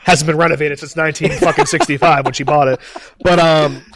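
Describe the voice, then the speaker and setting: A man's voice: on the high side, fairly even intonation, fairly quick, fairly bright tone, no echo. A young man with a Boston accent, a podcast guest chatting casually, loose and profane. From East Boston. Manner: loose and profane, fillers like bro. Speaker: podcast guest, content creator. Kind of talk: casual chat.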